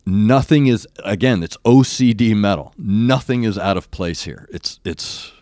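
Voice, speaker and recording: Brief: older male reaction-video host, former rock radio DJ, low-ish voice, close dry sound, gushing and earnest with stop-start phrasing. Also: darkish tone, dry recording. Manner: effusive and earnest, halting with repeated restarts. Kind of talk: reacting to a live concert video.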